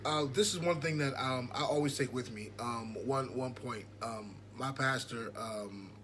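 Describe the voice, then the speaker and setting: A man's voice: mid-range voice, unhurried, a bit bright, a little hiss or hum. A young man co-hosting a podcast, talking casually and rambling with many fillers. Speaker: podcast co-host. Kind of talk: casual chat.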